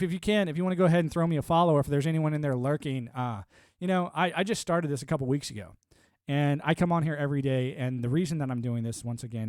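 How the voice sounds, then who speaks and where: A man's voice: fairly high pitch, darkish tone, no room sound, clean studio sound. Profane, combative man ranting live. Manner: profane, combative, laughs often; former military and network engineer talk. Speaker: live streamer. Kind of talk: casual live-stream rant.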